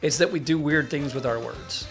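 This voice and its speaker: A man's voice: a little high, moderate pace. Rambling Midwestern-born man, faint music. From American Midwest. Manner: rambling, self-correcting storyteller. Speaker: podcast co-host. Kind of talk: casual chat.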